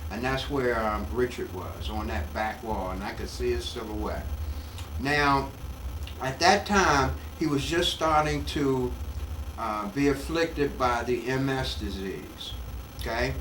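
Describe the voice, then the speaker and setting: An older male comedian telling an animated story in an interview at home, acting out the voices, recorded off-mic in an echoey room. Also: mid-range voice, slow, recorded from a distance, a little hiss or hum. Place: his home.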